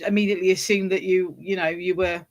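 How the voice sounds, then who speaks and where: A woman from the West Midlands with a faint Wolverhampton accent, chatting as a guest, talkative and quick to agree. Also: on the low side, steady tone, muffled recording. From West Midlands, England. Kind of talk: casual chat.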